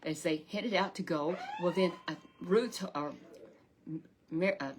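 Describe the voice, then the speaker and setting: A woman's voice: fairly low pitch, unhurried, a little hiss or hum. Rambling folksy woman telling Bible stories. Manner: rambling, repetitive, with many restarts and asides to the puppet. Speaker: Bible storyteller with a puppet. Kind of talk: folksy Sunday Bible story.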